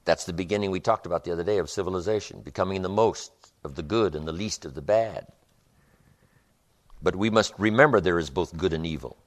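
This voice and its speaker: A man's voice: low voice, a little fast. A man giving a live motivational seminar, speaking emphatically with rhythmic repetitions and storytelling. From United States.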